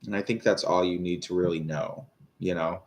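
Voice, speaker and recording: A man in his thirties gives tarot readings on a live stream, with a somewhat low voice. He rambles and hesitates, filling gaps with ums and likes as he talks things through. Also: steady tone, moderate pace. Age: 30s. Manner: rambling, hesitant, full of fillers. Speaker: tarot reader.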